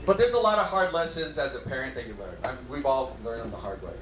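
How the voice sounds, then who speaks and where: A man in his thirties performing a stand-up comedy set on a club stage, acting out his family's lines in quick animated bursts. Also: medium pitch, background noise. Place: comedy club stage before a live audience. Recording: roomy club sound.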